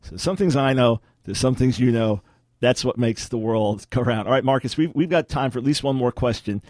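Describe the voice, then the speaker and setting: A man's voice: medium pitch, fairly quick, darkish tone, dry recording. A man hosting a radio talk show, teaching in an emphatic, lecturing way with rhetorical questions, speaking from a radio studio.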